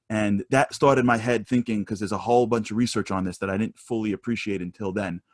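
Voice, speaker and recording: A man speaking as a motivational speaker, telling stories in a fast, animated way with many restarts. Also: fairly low pitch, no room sound, studio quality. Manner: fast, many restarts, voice rises when storytelling. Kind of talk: animated storytelling talk.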